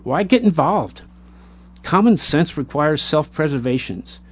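A man reading a war memoir aloud in a measured, plain way, now and then stumbling and correcting himself. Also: on the high side, lively intonation. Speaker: narrator.

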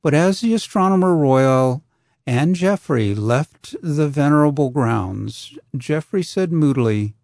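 A man narrating an audiobook in a measured, deliberate way. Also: a little high, lively intonation, creaky, a little mellow, no room sound, clean studio sound.

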